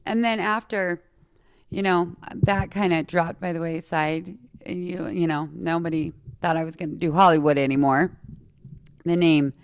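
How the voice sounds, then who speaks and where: A woman's voice: lowish voice, fairly even intonation, a little slow, smooth, dry recording, studio quality. A woman in her forties from Utah with a lisp, chatting casually and telling personal stories straight to her listeners. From Utah, USA. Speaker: podcast host.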